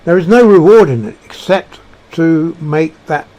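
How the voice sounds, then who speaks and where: A man giving a reflective monologue, halting and searching for words with frequent restarts. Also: fairly high pitch, expressive, mellow. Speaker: speaker sharing personal beliefs.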